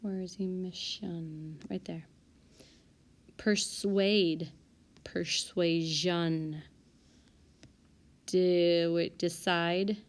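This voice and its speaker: A woman teacher talks through a spelling list in an unhurried, deliberate way. Her voice sits a little low, and she pauses to correct herself as she sorts words. It sounds like a recorded lesson for a classroom group. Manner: calm, methodical, corrects herself aloud. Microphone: tablet microphone.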